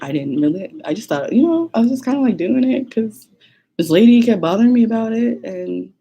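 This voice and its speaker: Husky-voiced woman telling a chatty story. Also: warm tone. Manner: chatty, many "like"s, laughs often, acts out quotes in a high voice. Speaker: vlogger. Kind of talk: casual storytelling to camera.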